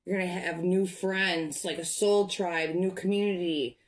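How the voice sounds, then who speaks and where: A young adult woman giving an excited tarot reading to camera, gushing and breaking off into fillers. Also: on the low side, measured pace. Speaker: tarot reader.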